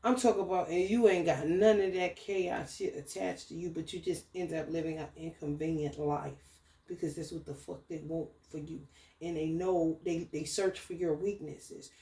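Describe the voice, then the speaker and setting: A woman ranting casually in a spiritual vlog, profane and animated, breaking into laughter. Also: low-pitched, moderate pace, reverberant. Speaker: spiritual tarot reader.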